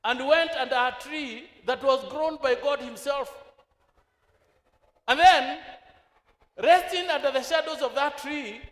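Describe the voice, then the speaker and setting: A man's voice: extremely high pitch, measured pace, long pauses, fairly bright tone. A Kenyan man preaching a sermon in a church, questioning the congregation and slipping into Swahili. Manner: asks the congregation rhetorical questions; switches into Swahili mid-sentence. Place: church hall. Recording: echoey reverberant church hall.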